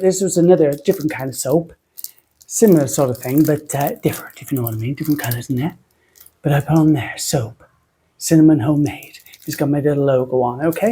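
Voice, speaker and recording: A British soap-making tutorial host with a medium-pitched, warm, husky voice. She rambles casually and pokes fun at herself, slipping into a silly put-on voice as she chats through the tutorial.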